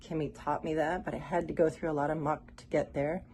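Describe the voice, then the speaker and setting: Low-voiced woman, emotional testimonial. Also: flat delivery, darkish tone, a little hiss or hum. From Miami, Florida. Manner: heartfelt, halting, with fillers. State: close to tears. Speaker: caller giving a testimonial.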